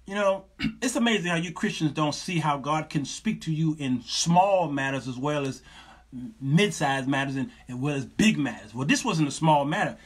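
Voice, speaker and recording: A middle-aged man hosting a talk show, giving sermon-like advice in an animated, joking, preacherly manner with lots of repetition. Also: a little high, moderate pace, slightly rough.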